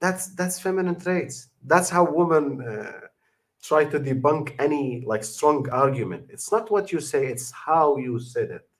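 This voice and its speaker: A channel host reacts to a video in casual livestream commentary, speaking emphatically in a slightly high, expressive voice at a measured pace. His English is non-native, full of fillers and restarts.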